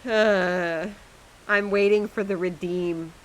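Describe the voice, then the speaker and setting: A woman's voice: fairly low pitch, steady tone, takes it slowly, low-quality recording. A woman streamer chatting casually to her viewers while she plays a game, chatty and self-mocking, often laughing at herself.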